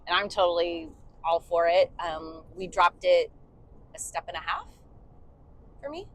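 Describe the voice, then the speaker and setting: A woman's voice: fairly low pitch, lively intonation, measured pace, a bit bright, low-quality recording. A woman co-hosting a podcast, chatting casually in a moving car, with lots of fillers. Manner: chatty, many fillers, sings short demo bits. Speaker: podcast co-host and bandleader singer. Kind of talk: casual chat.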